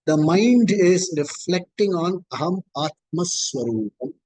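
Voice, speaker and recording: A man's voice: sits high, expressive, unhurried, a little mellow, poor audio. A man gives a scripture discourse as a spiritual teacher, explaining patiently and repeating key points.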